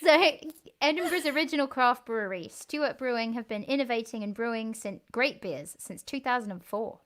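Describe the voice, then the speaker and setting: Giggly woman cohost, high voice, casual chat, a bit shy. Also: a little fast. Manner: giggly, bashful, reads drink labels aloud. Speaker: co-host of a music stream.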